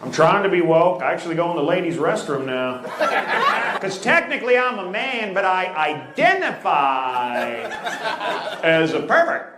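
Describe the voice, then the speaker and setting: A man doing crowd work as a stand-up comedian, brash and teasing, firing off quick punchlines on a club stage. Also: sits high, expressive, loud music behind the voice. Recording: echoey club with loud crowd noise.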